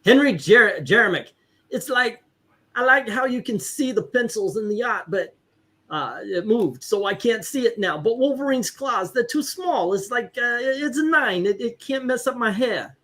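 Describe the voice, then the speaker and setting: A man hosting a casual livestream chat, relaxed and joking as he runs the scoring. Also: very high voice, normal speed. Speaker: livestream host.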